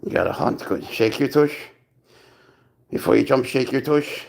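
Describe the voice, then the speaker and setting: A man's voice: mid-range voice, fairly even intonation, moderate pace, vocal fry. A man hosting a casual live stream, talking playfully and coaxingly to his pet cat and calling it bro. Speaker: pet owner and channel host.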